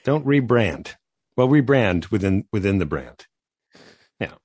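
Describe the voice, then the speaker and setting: A man's voice: on the low side, sing-song, unhurried, a little mellow, no room sound. A man appearing as a podcast guest, chatting casually in a playful, self-deprecating way. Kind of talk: casual chat.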